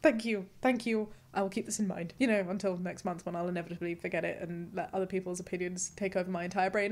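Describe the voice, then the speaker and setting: A woman's voice: medium pitch, fast, few pauses, a little mellow. A young woman hosting a casual chat, bubbly and self-mocking, often breaking into giggles. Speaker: host.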